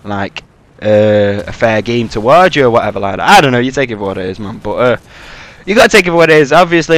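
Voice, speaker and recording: A man's voice: medium pitch, animated, fast, a bit bright. A young man giving casual, rambling freestyle commentary over his own gameplay, swearing and using lots of fillers. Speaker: gaming commentator.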